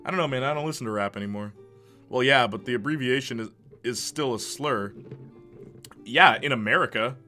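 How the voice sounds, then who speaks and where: A man's voice: mid-range voice, brisk, pauses often, pushed and bright, soft background music. A young man from Canada, a streamer chatting casually with his viewers, loose and joking, laughing often. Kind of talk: casual chat, reading live chat.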